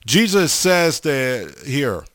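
A man's voice: mid-range voice, sing-song, very slow, a bit bright, dry recording, clean studio sound. A man preaching a sermon, blunt and emphatic, stammering over restarts and repeating himself for stress.

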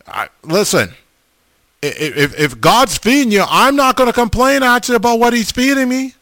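A middle-aged man casually chatting as a host, reading viewer comments in a folksy, animated way, often repeating himself. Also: very high voice, moderate pace, dry recording. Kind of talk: casual chat.

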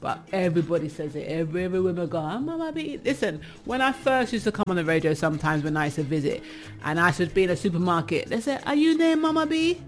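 A woman's voice: on the low side, quick pace, soft background music. A woman with an English accent hosting a radio show, reading out items and chatting about them, often laughing. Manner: chatty, laughs often, comments on what she reads. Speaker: radio host. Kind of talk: casual radio chat, reading out news items.

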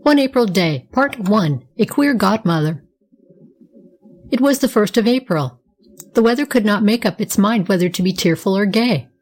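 A woman narrates a children's story aloud in a steady, clear manner, her voice sitting at an ordinary middle pitch. It is a volunteer audiobook reading, unhurried and plain.

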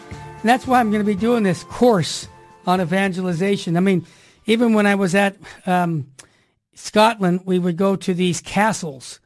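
A woman hosting a Catholic talk show on the radio, with a middle-pitched voice and an energetic manner. She preaches to her listeners and leans on catchy rhyming slogans. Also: normal speed, soft background music.

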